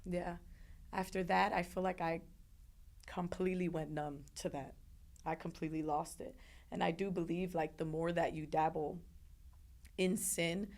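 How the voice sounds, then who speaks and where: A woman's voice: lowish voice, creaky. Earnest young woman retelling her story. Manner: earnest, repeats words, acts out others' voices. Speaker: interview guest telling her story. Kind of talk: emotional personal storytelling.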